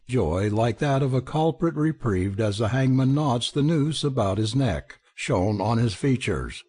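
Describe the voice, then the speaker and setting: Husky male audiobook narrator. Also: mid-range voice, darkish tone. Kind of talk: scripted narration.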